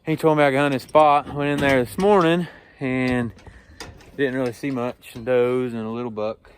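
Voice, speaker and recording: A man, talking casually while doing farm chores and calling loudly to his animals. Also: mid-range voice, fairly even intonation, normal speed, slight background noise. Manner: calls loudly to animals, chatty and laughing. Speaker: farm vlogger. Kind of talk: casual farm vlog narration. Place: outdoors on a farm.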